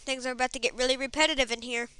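A woman's voice: sits high, fairly even intonation, very fast, bright, forceful tone, clear, resonant tone. A woman giving goofy, rambling commentary on her gameplay, humming silly sound effects between lines. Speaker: game video player.

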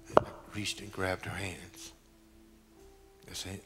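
A middle-aged man, preaching a sermon as pastor with slow, dramatic storytelling and sudden loud peaks. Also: low voice, flat delivery, over music. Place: large church sanctuary. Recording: long hall reverb.

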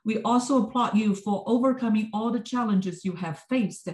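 A woman's voice: fairly high pitch, moderate pace, darkish tone. A woman coordinating a program, giving an earnest prepared speech with small restarts from her office. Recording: roomy office sound.

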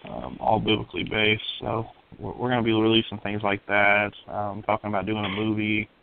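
Low monotone guy on a tinny phone-like line, earnest, lots of ums. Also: brisk, creaky. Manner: earnest and steady, with many ums. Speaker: guest, addiction recovery outreach leader. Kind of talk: casual radio interview. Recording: lo-fi phone-like sound.

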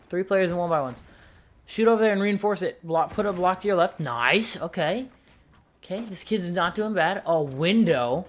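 A man giving casual, chatty commentary on gameplay, excitedly calling out moves and tossing in "dude" and "bro.". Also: sits high, moderate pace. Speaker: gaming YouTuber.

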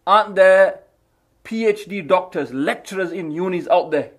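High-voiced mocking man. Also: normal speed, husky. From England. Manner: scornful, teasing, emphatic. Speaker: host. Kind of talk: mocking podcast commentary.

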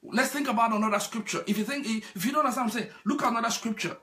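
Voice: medium pitch, racing, pushed and bright. A preacher delivering a sermon, repeating key phrases and asking the congregation rhetorical questions.

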